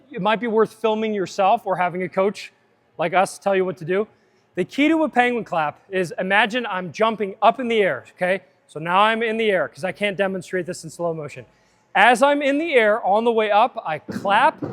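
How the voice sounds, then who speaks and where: A man coaching a live fitness seminar, upbeat and chatty, drifting into side tangents. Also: sits high.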